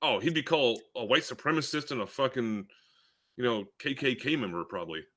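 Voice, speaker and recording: A man's voice: mid-range voice, animated, fairly quick, fairly bright tone. A man on a casual panel chat who talks in a reflective way, starting hesitantly with fillers.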